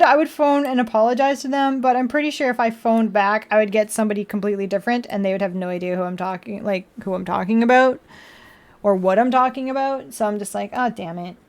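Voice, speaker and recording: A woman with a slightly higher voice chats to her live-stream audience from home while she builds a model kit. She talks casually, laughs often, and plays out her own exasperated replies as she tells the story. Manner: chatty, laughs often, acts out her own frustrated retorts. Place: indoors at home.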